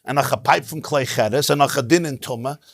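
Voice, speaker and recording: A man teaching a Torah class as a rabbi, in an animated, emphatic way, sprinkling in Hebrew terms. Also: mid-range voice, normal speed, vocal fry, no room sound, clean studio sound. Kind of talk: lively Torah lecture. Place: synagogue.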